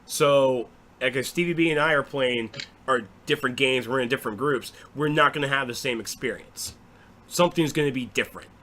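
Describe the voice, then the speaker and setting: A man hosting a casual recap of game news, excitable and swearing freely. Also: medium pitch, a little fast, a little hiss or hum. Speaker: gaming show host.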